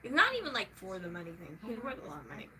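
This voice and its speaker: A young woman venting in a casual vlog, swearing freely and swinging from soft talk to loud shouting. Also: mid-range voice, huge pitch swings, rapid-fire, rough recording.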